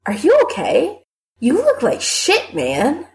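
A woman reading an audiobook voices an excitable, blunt young woman who gushes and squeals. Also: takes it slowly, exaggerated voice. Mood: chatty. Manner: high, gushing, loud squeals. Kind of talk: audiobook character voice.

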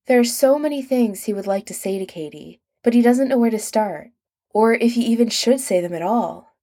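A woman narrating an audiobook in calm, even scripted storytelling. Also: fairly high pitch, normal speed.

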